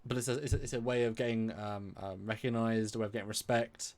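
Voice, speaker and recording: A man's voice: lowish voice, steady tone, fast, a little mellow. A man co-hosting a live review stream, chatting casually and acting out quoted lines in voices.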